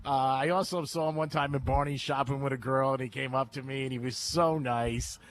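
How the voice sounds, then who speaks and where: A man's voice: medium pitch, fairly even intonation, a little fast. Rambling male radio host at a remote. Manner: rambling storyteller, laughs often. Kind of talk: casual radio chat. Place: cigar lounge, live remote broadcast.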